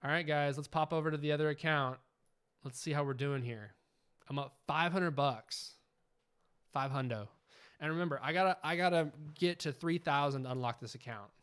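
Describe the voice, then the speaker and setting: A man hosting a live trading stream, chatting casually and getting excited as he watches the charts. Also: on the high side, normal speed, smooth. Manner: chatty, excitable, keeps asking "you know what I'm saying".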